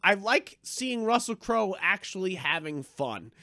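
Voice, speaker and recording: Male podcast co-host, high bright voice, very lively delivery, dry close sound, casual and profane. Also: a little slow, no echo. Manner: animated, swears freely, acts out reactions in quotes. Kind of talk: casual movie review chat.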